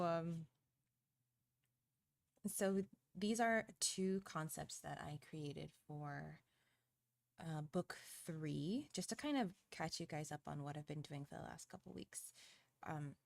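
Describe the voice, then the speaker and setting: A young woman with a fairly low voice chats casually to her viewers while she draws on a live stream. She talks in a hesitant, friendly ramble full of ums and quick laughs. Her desk mic gives a dry, close sound with no room echo. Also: gravelly. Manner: chatty and hesitant, many ums, laughs often. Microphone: desk microphone.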